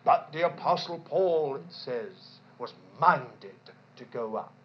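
Woman, preacher, sermon, animated, rhetorical questions, lively pitch, dull lo-fi recording. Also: takes it slowly, slight background noise.

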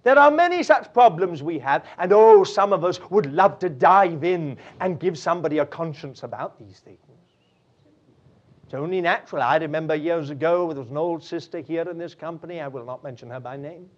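A man's voice: a little high, animated, moderate pace. A man preaching a sermon, drifting into chuckling anecdotes with many fillers. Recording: dull lo-fi recording.

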